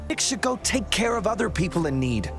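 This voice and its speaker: A woman's voice: medium pitch, big pitch swings, a little fast, soft background music. An actress playing a cautious female officer in a video game, hesitant and objecting.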